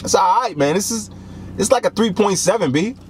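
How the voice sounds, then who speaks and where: A young man hosting a casual snack taste-test vlog, animated and joking, with lots of slang. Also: high voice, fairly quick, slight background noise. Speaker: snack reviewer.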